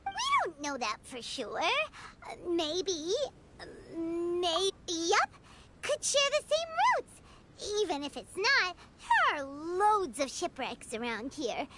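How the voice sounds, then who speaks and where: An actress voicing a tiny fairy girl companion in a video game, who talks about herself in the third person and has a high, squeaky, childlike voice. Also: big pitch swings, slow pace, very noisy, exaggerated voice. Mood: reassuring. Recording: game audio with music behind.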